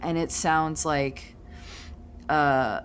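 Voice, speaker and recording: A woman's voice: deep voice, very slow, faint music behind. A woman narrating a tabletop game as game master in a hesitant way, full of fillers.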